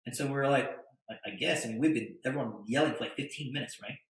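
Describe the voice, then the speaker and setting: A middle-aged man telling a long story in a podcast interview, animated and acting out what people said. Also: mid-range voice, quick pace, reverberant, rough recording. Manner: animated storyteller, acts out quotes. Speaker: guest, attorney and entrepreneur.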